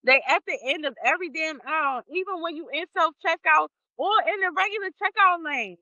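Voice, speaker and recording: A woman's voice: very high voice, a little fast, pushed and bright, no echo, highs cut off. A woman co-hosting a podcast, ranting bluntly and with plenty of swearing in casual chat. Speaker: podcast co-host.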